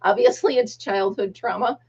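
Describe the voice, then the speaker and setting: Middle-aged American woman, livestream host, chatty and laughing, slightly high voice. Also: moderate pace, a little mellow, husky. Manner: chatty, reads viewer comments aloud, laughs often. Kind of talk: casual live chat. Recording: dull lo-fi livestream audio.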